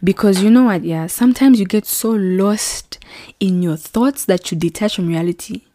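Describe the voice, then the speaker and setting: A woman in her twenties hosting her own podcast, telling a personal story in a casual, animated way and acting out the voices of people she quotes. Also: medium pitch, moderate pace. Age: 20s. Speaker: podcast host.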